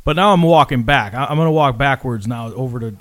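With a mid-range voice, fast delivery and no echo, a podcast co-host recounts a story casually. He curses liberally and performs people's lines with animated energy.

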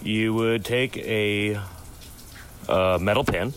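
A man's voice: fairly low pitch, fairly even intonation, takes it slowly. A man being interviewed about cooking, explaining hesitantly with many fillers. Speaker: cook interviewed. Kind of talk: casual interview.

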